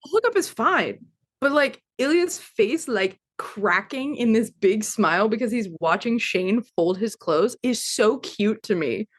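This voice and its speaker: In a somewhat high, animated voice, a podcast co-host talks a little slowly and barely pauses. She's chatting casually and enthusiastically about a TV adaptation, gushing and sprinkling in lots of fillers like "like."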